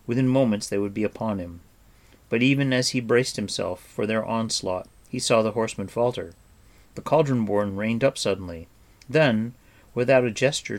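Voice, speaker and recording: A man reading a fantasy novel aloud as audiobook narrator, soft and even. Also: fairly low pitch. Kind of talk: scripted narration.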